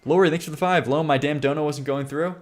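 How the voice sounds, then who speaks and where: A man's voice: a little high, steady tone, quick pace, darkish tone, soft background music. Stammering, rambling male streamer. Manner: rambling, stammering, laughs often. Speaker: streamer reacting to viewer submissions. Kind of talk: casual live-stream chat.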